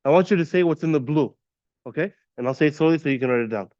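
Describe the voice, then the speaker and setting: A man teaching a classroom lesson, patiently quizzing students and repeating terms slowly. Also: a little high, a little mellow, no room sound, dull audio. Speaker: Arabic teacher. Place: classroom at an Islamic center.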